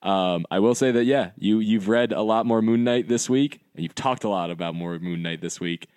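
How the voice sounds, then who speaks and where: A man's voice: lowish voice, moderate pace, a little mellow, clean tone, no echo. A young man co-hosting a casual podcast, joking around, laughing often and swearing casually. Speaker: podcast co-host. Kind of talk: casual chat.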